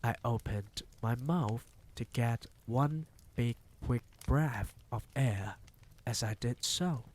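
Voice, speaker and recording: A man reading a novel aloud on a live stream, telling it in an unhurried, measured way. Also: medium pitch, a little mellow.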